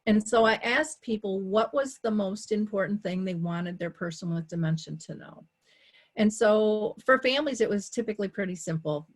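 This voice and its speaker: A woman in a conversational interview, telling her story with energy. She acts out her own quoted thoughts and switches between rapid asides and slow, weighty emphasis. Her pitch sits in an ordinary middle range. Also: animated. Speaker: dementia care advocate and talk show host, here as a guest.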